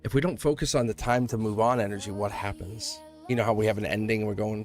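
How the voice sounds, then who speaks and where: A man doing a live tarot reading, talking in an excitable, rambling way and laughing often between thoughts. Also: lowish voice, quick pace, few pauses, soft background music. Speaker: tarot reader.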